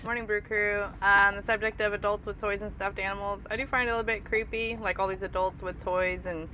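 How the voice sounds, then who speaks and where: A woman's voice: medium pitch, level tone, brisk, sharp tone, a little hiss or hum, rough recording. A mother leaving a chatty, rambling recorded message for a radio show. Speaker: listener leaving a talkback message.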